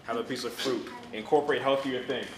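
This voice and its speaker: A man's voice: mid-range voice, steady tone, a little fast, roomy sound, recorded from a distance. A man speaking to children at a fitness camp about nutrition, coach-like and full of questions he answers himself. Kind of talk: energetic talk to children. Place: community center event with children.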